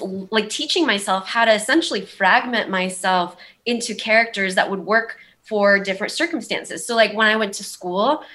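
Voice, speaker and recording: A woman's voice: a little high, pushed and bright. A young woman with a Valley girl accent, telling her story in a rambling, candid way, full of "like" and "um". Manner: rambling, heavy use of "like" and "um". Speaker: guest.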